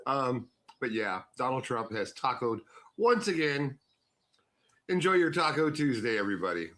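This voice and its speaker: Bright mocking guy chatting loosely. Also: mid-range voice, big pitch swings, moderate pace. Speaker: online commentator. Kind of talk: casual chat.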